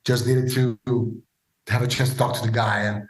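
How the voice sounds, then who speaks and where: A man's voice: mid-range voice, moderate pace. Man telling stories in a roomy space. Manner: animated, acts out quoted dialogue. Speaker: podcast guest. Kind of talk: casual storytelling interview. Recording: roomy echo.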